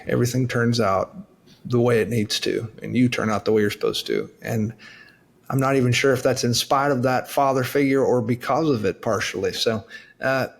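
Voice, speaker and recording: A man's voice: mid-range voice, creaky. A man, a guest author telling stories in a folksy, earnest and self-deprecating way. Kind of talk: casual interview chat.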